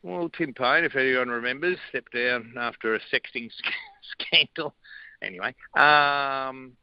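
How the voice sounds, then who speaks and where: Wry Australian guest on a dull line. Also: male voice, medium pitch, measured pace, smooth, dry recording. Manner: wry, dry humour. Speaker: radio guest, breakfast host. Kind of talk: casual radio banter.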